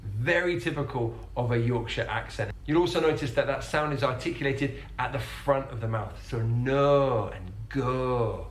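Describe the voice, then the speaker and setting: A man's voice: medium pitch, slight background noise. Man, pronunciation teacher; explanatory narration, careful sound demos, roomy recording. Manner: demonstrates sounds slowly and carefully. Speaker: English accent teacher.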